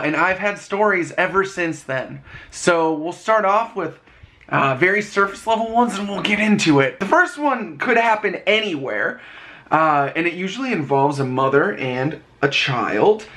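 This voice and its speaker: A man with a hoarse, worn-out voice, telling stories in a casual vlog and laughing often. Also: high-pitched, expressive, unhurried, sharp tone. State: hoarse, lost voice. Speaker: vlogger.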